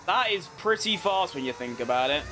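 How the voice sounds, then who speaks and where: A young man with a high-pitched voice chats through his racing game session, teasing himself and restarting sentences as he goes. Engine and game noise run loudly under his voice. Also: expressive, fairly quick. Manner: chatty, self-mocking, restarts often. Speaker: gaming video creator. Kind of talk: casual commentary over gameplay.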